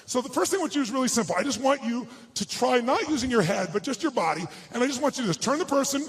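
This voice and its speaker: A man giving a high-energy motivational seminar to a live crowd in a large hall. He barks instructions, quizzes the audience and swears bluntly. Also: lively intonation, racing. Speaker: motivational speaker.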